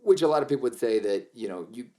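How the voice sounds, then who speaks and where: A man's voice: mid-range voice, expressive, fast, warm tone. A man co-hosting a podcast, adding reflective comments and agreeing often in a casual faith talk. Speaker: podcast co-host.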